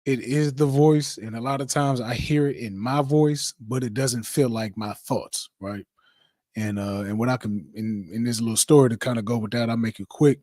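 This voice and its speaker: A man telling a lively personal story in casual conversation, acting out the voices he quotes, heard over a video call. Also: medium pitch, moderate pace, dry recording, clean studio sound. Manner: animated storyteller, acts out the quotes. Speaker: guest.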